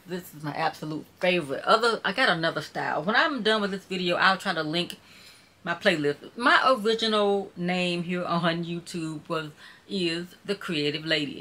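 A woman's voice: fairly low pitch, bright, forceful tone. A woman from Mississippi with a Southern accent, chatting casually and folksily with viewers on a live stream. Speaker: YouTuber hosting a live stream.

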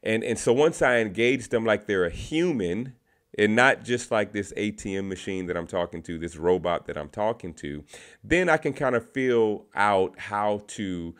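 A man's voice: lowish voice, animated, normal speed. A man talking casually to camera, sharing tips from his sales calls and often repeating words as he goes. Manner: conversational, repeats words, restarts phrases.

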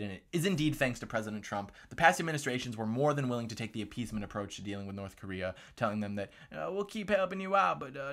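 A man's voice: mid-range voice, pushed and bright. A man hosting a political commentary vlog, talking in a sarcastic, mocking way.

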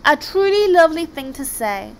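A woman voicing a huge, hungry male sea monster who is chatty, menacing and easily flattered. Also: sits high, normal speed, slight background noise, voice pushed up, low-quality recording.

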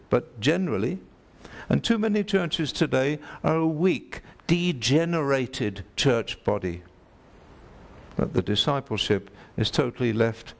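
A man delivering a sermon with a gravelly, creaky edge to his voice. He preaches emphatically, repeats his key phrases and turns to ask his listeners direct questions. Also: mid-range voice.

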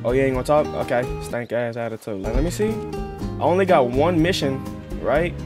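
A man's voice: mid-range voice, moderate pace. A man giving casual, joking and rambling commentary while playing a game. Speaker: gaming streamer. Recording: game music behind.

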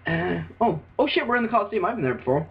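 An Irish man rambling through let's play commentary, excitable and swearing, with sudden outbursts. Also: sits high, quick pace, gravelly. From Ireland. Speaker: gaming video host. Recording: dull lo-fi recording.

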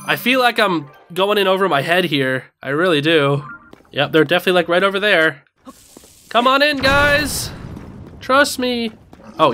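A gaming host giving excitable let's-play commentary, reacting aloud and talking to on-screen enemies. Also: mid-range voice, slight background noise.

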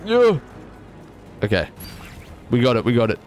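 A young man streaming a video game live, commenting in an excitable, jokey and self-mocking way. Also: medium pitch, unhurried, soft background music.

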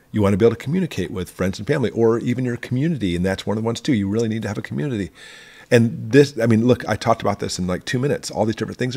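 A man's voice: lowish voice, gravelly, darkish tone, husky. A man from Michigan hosting a casual prepping vlog, rambling through asides and firing questions at the viewer. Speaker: prepping channel host.

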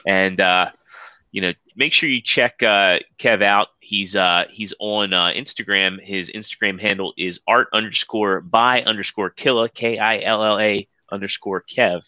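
A man hosting a podcast, chatting casually and rambling with plenty of fillers. His voice is bright and forward, sitting a little low. The audio is dry and dull, like lo-fi call audio. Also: fairly even intonation, unhurried, dry recording. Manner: loose, rambling, many fillers. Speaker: podcast host. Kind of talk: casual chat.

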